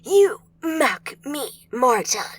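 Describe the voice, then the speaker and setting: A woman's voice: high voice, sing-song, very slow, slightly rough, dry recording, recorded from a distance, full character voice. A woman voicing a scratchy, haughty demoness. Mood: menacing. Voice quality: scratchy, like a heavy smoker. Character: scratchy-voiced female demon, menacing and haughty.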